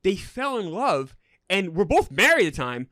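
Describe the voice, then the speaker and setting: A man co-hosting a casual movie review chat, a lively storyteller who shares trivia. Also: sits high, moderate pace, no room sound, clean studio sound. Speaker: podcast co-host.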